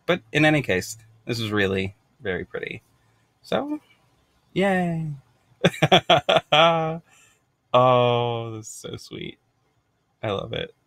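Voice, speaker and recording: An American podcast host chatting casually while unboxing, bubbly, rambling and quick to giggle. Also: male voice, mid-range voice, lively intonation, a bit bright, no echo.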